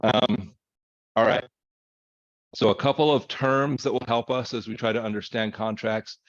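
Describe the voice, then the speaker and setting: Casual low-voiced male lecturer, muffled. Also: fairly even intonation, moderate pace. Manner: conversational, thinking aloud with fillers and self-corrections. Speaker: instructor. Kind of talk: recorded lecture.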